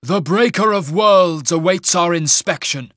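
A man voicing an ancient, arrogant immortal general who speaks in a slow, lofty, disdainful way, in an audiobook. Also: high-pitched, a bit bright, dry recording, studio quality, pitched above the performer's own voice.

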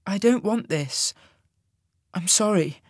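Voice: mid-range voice, lively intonation, slow, no room sound, clean studio sound, voice pushed up. A narrator voicing a young woman who is upset and on edge. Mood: tense.

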